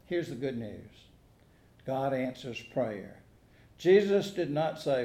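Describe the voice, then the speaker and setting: A man's voice: medium pitch, big pitch swings, takes it slowly, warm tone. A man preaching a sermon as pastor, telling stories with dry humor and asking the congregation questions. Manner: folksy storytelling with dry humor and rhetorical questions. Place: church sanctuary. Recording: echoey church sanctuary.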